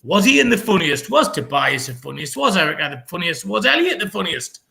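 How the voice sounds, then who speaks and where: Lively high-voiced British man hosting. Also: creaky. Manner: playful, laughing, drawn-out words. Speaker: comedy show host. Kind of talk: lively pun contest hosting.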